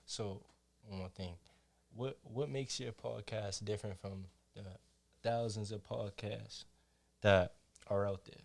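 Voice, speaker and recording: A man's voice: lowish voice, fairly even intonation, slow, gravelly. A young man in his early twenties, chatting casually with his father on a podcast, laid-back and answering in short replies. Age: young adult. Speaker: son and guest interviewer. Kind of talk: casual interview chat.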